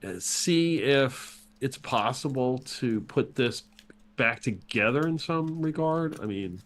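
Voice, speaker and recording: A man's voice: medium pitch, lively intonation, takes it slowly, a bit bright. A man playing a tabletop game online, folksy and stammering in his speech. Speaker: player. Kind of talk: casual tabletop play. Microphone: online call.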